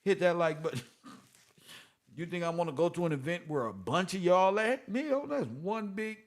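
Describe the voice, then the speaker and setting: A man, lecturing his viewers in a preachy monologue. He swings from loud outbursts to softer asides. His talk is full of slang and swearing. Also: a little high, lively intonation, moderate pace. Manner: swings between loud and soft, exclaiming, swearing, slang-heavy. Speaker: online commentator.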